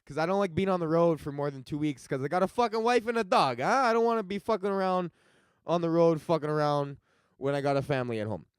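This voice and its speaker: A man's voice: fairly high pitch, fast talker, clear, resonant tone, no echo. A man hosting his own comedy podcast, telling stories in a casual, profane rant and acting out the lines of people he quotes. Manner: profane, animated storytelling with acted-out quotes. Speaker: podcast host and stand-up comedian.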